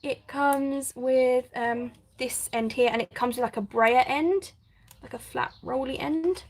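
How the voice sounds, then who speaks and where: A woman with a slightly high voice chats her way through a live crafting session. She reads out viewer comments, laughs often and breaks into bursts of excitement as she works. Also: a little slow. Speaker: craft channel host. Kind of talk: casual live crafting chat, reading comments.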